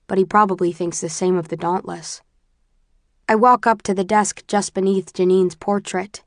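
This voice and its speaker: A woman's voice: medium pitch, fairly even intonation, normal speed, no echo. Woman narrating an audiobook, dry close sound. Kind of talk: first-person audiobook narration.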